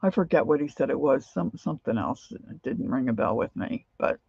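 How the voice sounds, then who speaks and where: A woman's voice: very deep voice, expressive, a little fast, gravelly, a little mellow, breathy edge, no room sound, highs cut off. A middle-aged woman chatting casually as she works on a craft project, rambling on and answering viewers' comments.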